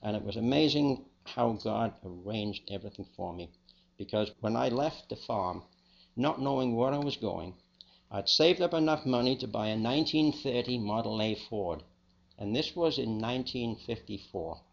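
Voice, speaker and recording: An older man with a Liverpool accent, telling his own life story as a testimony in a plain, unhurried, reflective way. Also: medium pitch, lively intonation, gravelly, dull audio. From England. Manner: plain, unhurried, with small restarts. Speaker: speaker giving a personal testimony.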